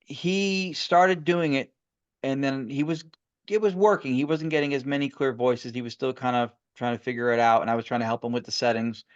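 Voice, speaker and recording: Man, podcast guest, mid-pitch, eager rambling storyteller, muffled lo-fi sound. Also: a little fast, smooth, dry recording. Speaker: guest paranormal investigator. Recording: muffled lo-fi audio.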